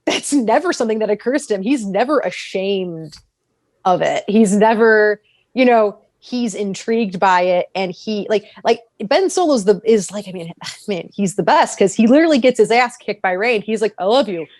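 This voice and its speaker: A woman talking casually on a podcast, animated, often laughing and acting out characters' lines with sudden jumps in pitch. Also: normal speed, no echo. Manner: animated, acts out characters' lines mid-sentence; frequent laughter and restarts. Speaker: podcast guest.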